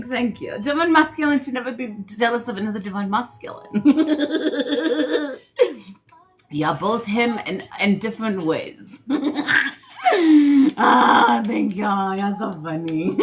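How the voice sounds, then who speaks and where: A woman's voice: fairly high pitch, lively intonation, slow pace, pauses often, fairly bright tone. A woman hosting a wellness livestream, chatting with viewers in a playful, teasing way, laughing often and calling them darling. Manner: calls listeners "darling". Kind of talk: casual live chat with viewers.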